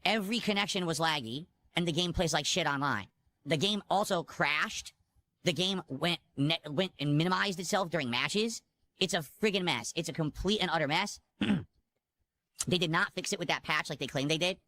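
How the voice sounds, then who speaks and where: A man's voice: fairly high pitch, moderate pace, sharp tone, slight background noise. A man streaming games, talking bluntly and complaining in a monologue. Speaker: game streamer.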